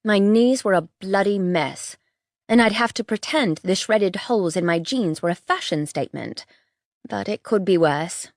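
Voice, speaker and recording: A woman narrating a first-person fantasy audiobook in a tense, measured way. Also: medium pitch, lively intonation, darkish tone, dry recording, clean studio sound.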